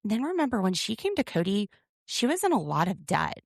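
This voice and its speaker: A woman's voice: mid-range voice, very animated, brisk, gravelly, no echo, studio quality. A woman co-hosting a podcast, recapping a reality show in an opinionated, sarcastic way. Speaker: podcast co-host. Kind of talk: casual recap chat.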